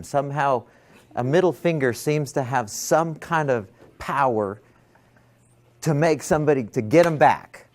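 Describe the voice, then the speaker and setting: A man's voice: a little high, animated, normal speed, a little mellow. A man lecturing a class, telling a personal story and acting out his own thoughts.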